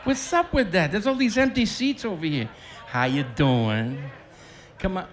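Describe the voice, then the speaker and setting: Lively joking man at a stage mic. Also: high voice, unhurried, slight background noise. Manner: joking, teasing the crowd. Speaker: bandleader and emcee. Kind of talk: live stage banter. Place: outdoor festival stage. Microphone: stage microphone.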